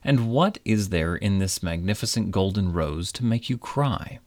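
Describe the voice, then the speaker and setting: A man's voice: low-pitched, expressive, moderate pace, a little mellow, no room sound. A man voicing a proud, gold-loving king and doting father, speaking in a hearty, exclaiming way in a storybook reading.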